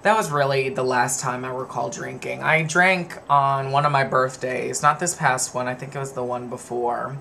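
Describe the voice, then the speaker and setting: A man's voice: medium pitch, steady tone, normal speed, vocal fry, hardly any pauses, bright, forceful tone, slight background noise. Chatty young man rambling through a story. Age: 20s. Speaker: vlogger. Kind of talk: casual confessional vlog.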